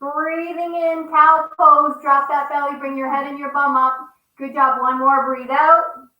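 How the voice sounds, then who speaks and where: Over a video call, a woman teaches a children's yoga class, speaking straight to the kids in a coaxing, upbeat way and reading them a story. Her voice sits high but her delivery is flat and a little slow. She's far from the mic, and the lo-fi sound has a roomy echo.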